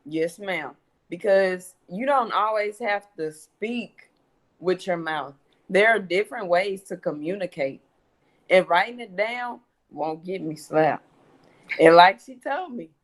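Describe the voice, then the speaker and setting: A woman's voice: medium pitch, lively intonation, unhurried. A young woman, speaking as a guest daughter on a church panel. She tells her story animatedly and acts out her mother's words as she goes.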